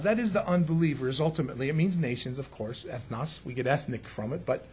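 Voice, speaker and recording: A man's voice: mid-range voice, animated, quick pace, a little mellow, slight background noise. A man preaching a conversational sermon as pastor, joking and emphatic, often putting questions to his listeners.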